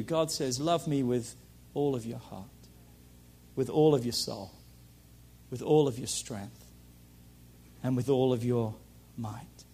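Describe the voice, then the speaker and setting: A man preaching a sermon to a congregation, who shifts from loud shouted calls to hushed storytelling and repeats lines for emphasis. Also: medium pitch, a little slow, husky. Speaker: pastor.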